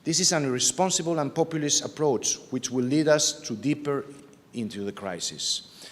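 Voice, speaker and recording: A man from Spain, giving a formal, measured political speech at a conference. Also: mid-range voice. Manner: measured, deliberate, emphatic. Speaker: party official giving an opening address. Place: conference hall. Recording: long reverb of a large hall.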